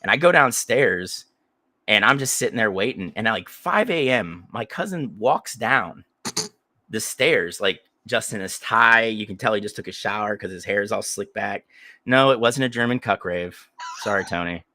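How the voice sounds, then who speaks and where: Crude, rambling storyteller man with a bright voice. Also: fairly low pitch, lively intonation, moderate pace, no echo. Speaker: podcast co-host. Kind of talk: casual storytelling chat.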